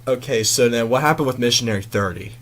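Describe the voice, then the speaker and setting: A man's voice: medium pitch, fast talker, noisy background. Young male host, hesitant casual chat. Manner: hesitant, lots of "um" fillers.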